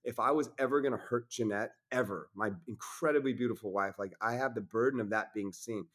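A man's voice: mid-range voice, a little fast, a bit bright. A man talking as a podcast guest in casual conversation, intense and preachy, swearing freely.

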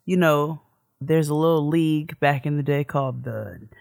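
A woman's voice: low voice, normal speed, vocal fry, a little mellow, no room sound, clean studio sound. A woman co-hosting a podcast in casual chat, laughing often as she talks. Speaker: podcast co-host.

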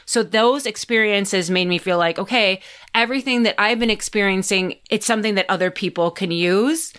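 A woman's voice: medium pitch, normal speed, a bit bright, clean tone. Chatty woman telling a story. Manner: chatty, acts out her own and others' lines, swears freely. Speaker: podcast guest, psychic. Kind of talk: casual storytelling chat.

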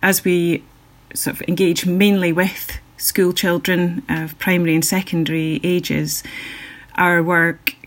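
A woman who runs a charity answers interview questions. She speaks in a measured way, with a slightly low voice, and sometimes pauses to find the right word. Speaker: charity director, guest.

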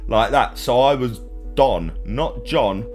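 A man's voice: mid-range voice, darkish tone, faint music behind. A man co-hosting a podcast in casual chat, telling stories against himself with a laugh. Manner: self-mocking storyteller, slow and laughing. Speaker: podcast co-host.

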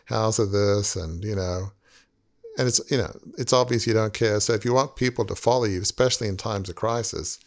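A man's voice: fairly low pitch, a little fast. A man in his sixties hosting a podcast, talking in an earnest, rambling way with many "you knows". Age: 60s. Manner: earnest, rambling, heavy use of "you know". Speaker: podcast host. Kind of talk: reflective podcast conversation.

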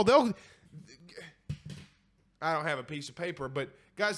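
A man hosting a casual college football live stream, reading viewer comments and giving blunt, animated opinions, often repeating himself for emphasis. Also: high voice, a little slow, long pauses. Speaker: host of a college football show.

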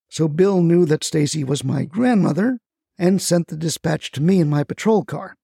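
Gravelly wry male storyteller. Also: a little high, normal speed, dark tone, no echo, clean studio sound. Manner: wry, folksy asides. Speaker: storyteller, the grandson. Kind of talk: scripted narration.

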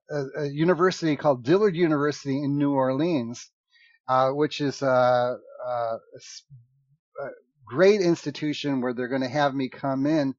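A man's voice: mid-range voice, no room sound. Man on a dry, dull line. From United States. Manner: animated, laughs often, restarts sentences. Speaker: improv performer and guest. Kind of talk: casual conversation.

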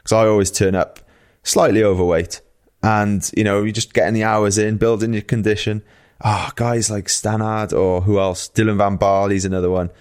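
A man with a lowish voice, chatting in a relaxed, loose way as a pro cyclist guest. He fills his sentences with casual fillers and tells his stories plainly. His delivery stays easygoing throughout. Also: moderate pace, smooth. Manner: laid-back, chatty, heavy use of fillers like "like" and "you know". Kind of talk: casual podcast chat.

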